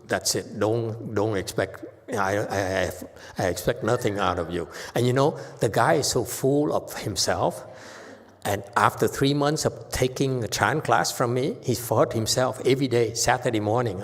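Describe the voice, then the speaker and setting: A male Buddhist monk giving a dharma lecture. He tells stories in an animated way, repeats himself and keeps checking "okay?" with the listeners. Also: lowish voice. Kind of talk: dharma lecture, anecdotal storytelling. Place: temple lecture hall. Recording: reverberant hall.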